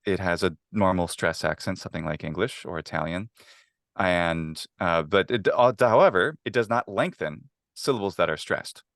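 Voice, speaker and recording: Interviewed as a guest, a male Latin teacher talks eagerly and casually about Latin, with lots of fillers and restarts. His low voice is a bit bright, at normal speed, recorded in studio quality with no echo.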